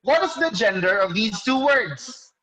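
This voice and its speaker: A male teacher giving an online class lecture over a video call. He explains slowly, quizzes students by name and corrects himself mid-sentence. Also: high voice, animated, bright, forceful tone, rough recording.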